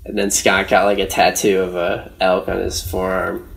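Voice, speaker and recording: A man's voice: deep voice, little pitch movement, moderate pace, vocal fry, fairly bright tone. A young man telling a rambling story in casual podcast chat, with lots of slang and fillers. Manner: rambling, slangy, says "dude" and "like" often.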